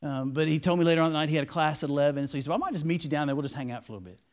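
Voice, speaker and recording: A man's voice: a little high, rapid-fire. A male pastor preaching a sermon, telling a story in a folksy, emotional way with many restarts. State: tearful. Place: church.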